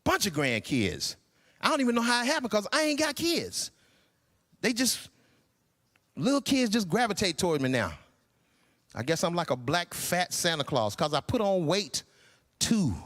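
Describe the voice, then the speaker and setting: Older guy in his 60s doing standup, high voice, swings all over the place. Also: normal speed, long pauses, long reverb tail. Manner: animated, incredulous, acts out voices. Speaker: stand-up comedian. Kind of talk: stand-up comedy routine. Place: church hall stage.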